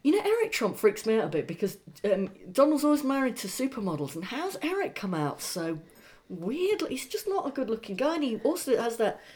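A woman co-hosting a casual comedy podcast, animated and joking, with quick asides. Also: on the high side. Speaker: podcast co-host.

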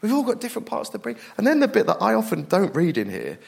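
A middle-aged man preaching a sermon in a fairly high voice. He talks with a lively, self-deprecating energy, climbing high and loud to make a point, then dropping low and quiet to bring it home. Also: fast talker, gravelly, slightly rough. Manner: animated, self-deprecating, swings between loud and hushed.

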